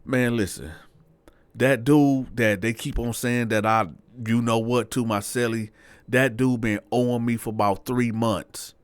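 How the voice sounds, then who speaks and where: A man's voice: mid-range voice, fairly even intonation, a little slow, smooth, dry recording, natural voice. A man voicing a swaggering, aggressive older male convict who talks blunt and curses. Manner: brash, blunt, swaggering, cursing.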